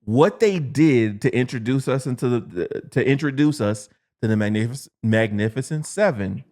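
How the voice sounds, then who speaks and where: Animated, profane army veteran man. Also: mid-range voice. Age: 40s. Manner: animated, profane, laughs often, acts out quotes. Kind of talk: casual storytelling.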